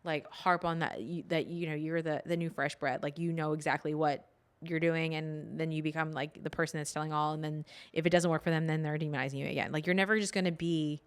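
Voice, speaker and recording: A woman's voice: sits low, steady tone, fairly quick, clean tone. A woman in her thirties co-hosting a casual podcast chat about motherhood, talking emphatically with frequent restarts. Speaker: podcast co-host.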